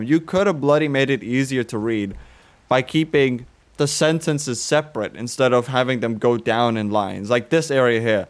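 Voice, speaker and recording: A man's voice: medium pitch, normal speed. A young man of about twenty, swearing and ranting in exasperation as he plays and comments on a horror game. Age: around 20. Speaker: gaming video creator.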